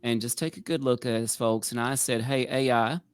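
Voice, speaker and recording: A man's voice: medium pitch, brisk, clean tone, no echo. A man hosting a podcast, chatting casually and promoting a book. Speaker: podcast host.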